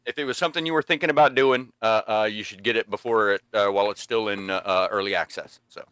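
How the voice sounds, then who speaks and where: A man with a fairly low voice talks casually as a podcast co-host, halting and repeating himself between fillers. The sound is dry and close. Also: a bit bright, smooth, no room sound. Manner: stammering, hesitant, with many fillers.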